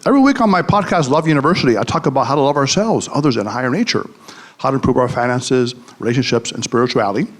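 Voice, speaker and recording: Rapid-fire and lively in intonation, a medium-pitched man, a psychologist and podcast host, gives a live comedic motivational speech. He tells jokes and anecdotes and questions the audience.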